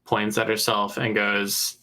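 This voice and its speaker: Man, tabletop player, bright tense voice, lowish pitch, casual questions. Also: monotone, takes it slowly. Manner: casual, asks questions about rules. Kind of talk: casual tabletop game talk.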